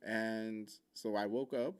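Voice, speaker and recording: In a casual solo podcast, the host talks openly about his personal life, swearing a lot and rambling with frequent self-interruptions. He has a fairly low, resonant voice with a steady tone and speaks slowly and clearly.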